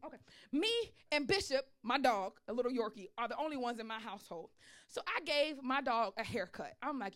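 A woman pastor preaching a sermon, telling a personal story in an animated way and calling out for response. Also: sits high, normal speed.

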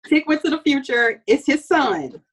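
A woman co-hosting a casual chat about a TV show, expressive and dramatic, laughing a lot. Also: high voice, normal speed. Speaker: podcast co-host.

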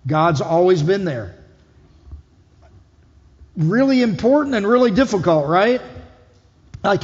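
A lead pastor delivers a conversational sermon in a church hall where the recording echoes dully. His voice is high with lively intonation, and he speaks unhurriedly, pausing often and questioning the congregation.

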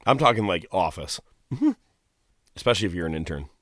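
A man's voice: low voice, expressive, fairly quick, fairly bright tone, no room sound, studio quality. A man co-hosting a podcast, tossing in wisecracking, sarcastic asides during casual banter. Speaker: podcast co-host.

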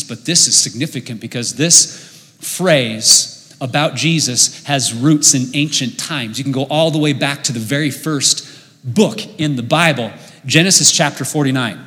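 A middle-aged man preaching a sermon in a church auditorium, telling stories with sudden swings between loud and quiet. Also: medium pitch. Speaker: pastor. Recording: long reverb of a large hall.

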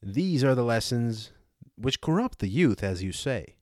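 A man's voice: mid-range voice, very animated, a little slow, a little mellow, no echo, studio quality. A man reading the part of an aged male philosopher, cross-examining with rhetorical questions, for a dramatized audiobook. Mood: indignant.

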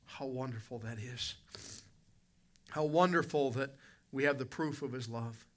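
A man preaching a sermon as pastor, emphatic, surging to loud peaks and then dropping low. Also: unhurried. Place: church service with congregation responding.

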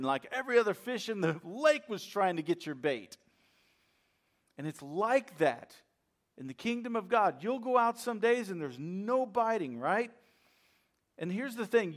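Guy preaching, pretty high voice, chatty lively sermon, acts out bits. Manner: lively, conversational preaching with acted-out asides. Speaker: chaplain and preacher.

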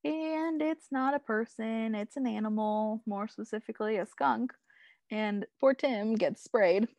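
A young woman with a somewhat high, slightly mellow voice talks in an unhurried way as a podcast co-host recapping a TV episode. It's rambling, casual chat full of "like" and "um," punctuated by frequent laughs, and there's no echo.

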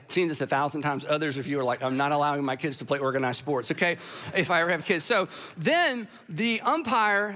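Bright-voiced man preaching with humor. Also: high voice. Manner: storytelling with humor, lively delivery. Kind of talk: sermon.

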